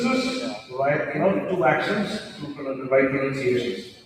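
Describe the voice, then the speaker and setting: A man's voice: mid-range voice, big pitch swings, a little slow, noisy background. A man, a pronunciation coach giving a stage talk, explaining step by step and quizzing the audience with rhetorical questions. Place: large auditorium stage. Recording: echoey hall, mic at a distance.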